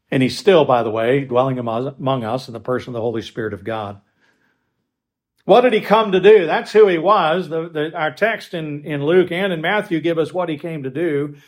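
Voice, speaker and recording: A man preaching a sermon with emphatic stresses and quiet asides, stopping now and then to restart a phrase. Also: mid-range voice. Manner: swings between loud stresses and quiet asides. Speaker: pastor.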